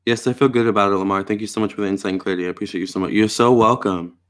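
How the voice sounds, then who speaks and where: A man's voice: lowish voice, fairly even intonation, rapid-fire. A young man hosting a live tarot and astrology stream, chatting casually with viewers and answering their comments. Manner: chatty, reads viewer comments aloud, repeats "all right" and "you guys". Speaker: tarot reader and astrologer host.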